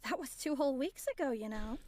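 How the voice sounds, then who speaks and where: A woman's voice: high voice, quick pace, darkish tone. A woman voicing a composed, polite young woman of mystery in a dubbed video game.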